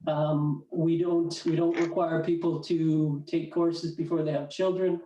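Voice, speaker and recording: A man town councillor dismissing a proposal in a council meeting, with halting ums. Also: on the high side, level tone, warm tone, highs cut off, slight background noise. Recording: echoey room, far from mic.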